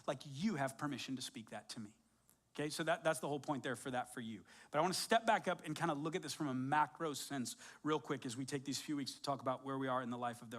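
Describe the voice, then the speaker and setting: A man preaching a sermon as pastor, in a casual, conversational way with lots of fillers and animated storytelling. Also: fairly high pitch.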